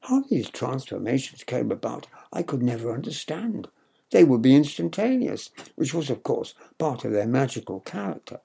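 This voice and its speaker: An older man narrating a memoir in a measured, wry way. His voice is gravelly and husky, with an even middle pitch. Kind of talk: audiobook memoir reading.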